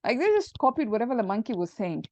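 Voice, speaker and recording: A woman teacher telling a playful, jokey story to explain a lesson, in a conspiratorial, animated way. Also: on the high side, fast, no echo. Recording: dull dry lo-fi recording.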